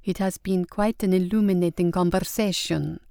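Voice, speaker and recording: Brief: young noblewoman, sweetly mocking, slow and deliberate, low smooth tone , voiced by a female narrator. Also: steady tone, warm tone, no room sound, studio quality. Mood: mock innocent. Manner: slow, sweetly innocent, mock-polite. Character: young Spanish countess, sly and mocking.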